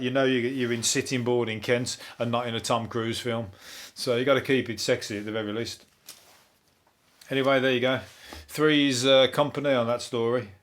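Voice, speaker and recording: A man, a comedian hosting a topical comedy podcast, ranting in a rambling, sweary, deadpan way. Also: medium pitch. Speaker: comedian host.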